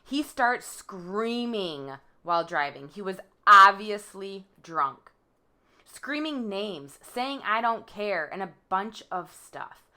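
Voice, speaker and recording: A woman reading her court impact statement aloud, measured and halting, stressing the quoted words. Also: mid-range voice, bright, forceful tone. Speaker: victim giving a statement.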